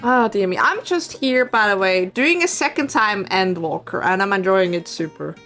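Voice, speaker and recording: A woman streamer chats with her viewers in a bright, lively voice that bounces up and down. She giggles often and teases playfully, taking her time between thoughts. Soft music plays behind her. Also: medium pitch, moderate pace. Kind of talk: casual live-stream chat.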